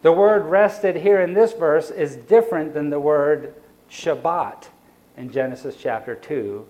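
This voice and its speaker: Man preaching a slow, varied Sabbath sermon. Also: on the high side. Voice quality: sighs for emphasis. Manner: varies pace and loudness, slows on key phrases, drops soft for quoted reflections.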